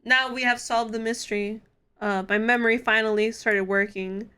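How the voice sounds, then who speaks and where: A woman's voice: on the high side, steady tone, moderate pace, pushed and bright, smooth. A young woman streaming, chatting casually with her viewers, giddy and laughing often. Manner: giddy, laughs often, talks straight to chat.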